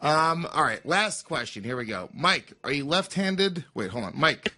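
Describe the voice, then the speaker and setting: A man's voice: on the high side, expressive, moderate pace, few pauses, sharp tone. A man with an American accent, co-hosting a podcast in brash, casual banter and swearing freely. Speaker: podcast co-host.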